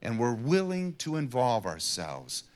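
A middle-aged man earnestly telling a personal faith testimony in an interview, dropping to a hush and then rising to emphatic passages. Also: mid-range voice, wildly swooping pitch, unhurried. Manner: earnest storyteller, swings from hushed to emphatic. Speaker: guest sharing a personal testimony.

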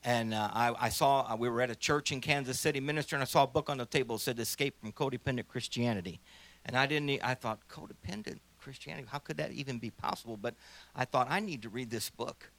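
Bright-voiced man in his sixties. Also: mid-range voice, quick pace. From St. Louis, USA. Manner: rambling and conversational, with many restarts. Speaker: minister. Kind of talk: personal testimony at a church gathering.

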